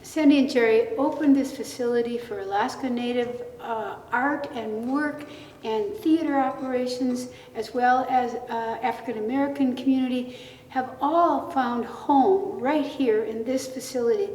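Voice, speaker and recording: A woman's voice: fairly high pitch, moderate pace, darkish tone, recorded from a distance. Earnest woman in an echoey room. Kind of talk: interview.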